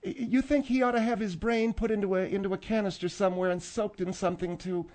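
A man's voice: high-pitched, fairly even intonation, fast talker, a little mellow, voice pushed up, natural voice. Man putting on a feisty older lady singer. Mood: defensive. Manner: indignant, defensive, gushing. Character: feisty older woman, a former backup singer. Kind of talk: radio comedy sketch.

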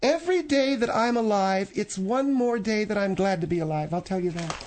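A woman's voice: medium pitch, lively intonation, brisk, darkish tone, a little hiss or hum. A woman co-hosting a radio talk show, stubbornly needling the host.

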